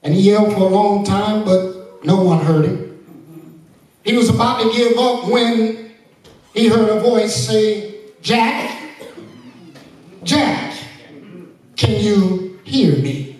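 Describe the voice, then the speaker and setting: A man's voice: high voice, steady tone, measured pace, long pauses, darkish tone. A male pastor preaching a sermon, telling a story and then driving home his point with emphatic, sing-song delivery. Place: church sanctuary. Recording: echoey church from far off.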